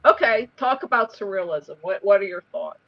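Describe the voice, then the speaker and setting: A man's voice: high-pitched, lively intonation, moderate pace, gravelly, no echo. A man asking a guest questions on a call-in stream. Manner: asks questions. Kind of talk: casual call-in chat. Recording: dull lo-fi sound.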